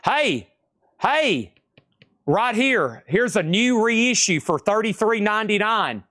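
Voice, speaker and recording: A man selling vinyl records on a live stream in an excitable, jokey auction patter. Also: high voice, a little slow, no room sound, studio quality.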